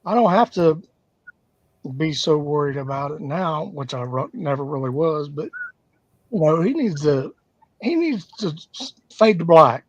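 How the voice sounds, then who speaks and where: A man co-hosting a livestream in a fairly high, dry voice. He comes through on dull, lo-fi call audio. He talks in a plain-spoken, laid-back, frank way. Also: sing-song, measured pace, dry recording. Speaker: livestream co-host. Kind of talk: casual chat.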